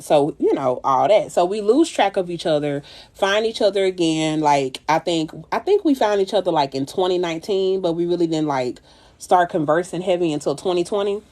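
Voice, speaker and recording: A woman, chatting casually and profanely on a phone livestream while doing her makeup. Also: low-pitched. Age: 30s. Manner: animated, profane, swoops way up when exclaiming.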